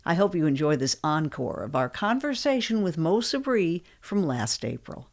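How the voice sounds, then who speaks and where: A woman hosting a radio talk show, introducing and interviewing a guest with measured, friendly questions. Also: sits low, big pitch swings. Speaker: radio host.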